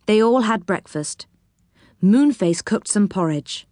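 A woman reading a children's story aloud in a gentle, unhurried storytelling manner. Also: mid-range voice, expressive, dry recording, studio quality.

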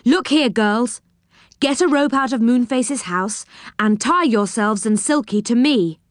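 A woman voicing a brave boy taking charge in a storybook, brisk and commanding. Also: fairly high pitch, dry recording, studio quality, pitched above the performer's own voice, close to an everyday voice. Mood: determined.

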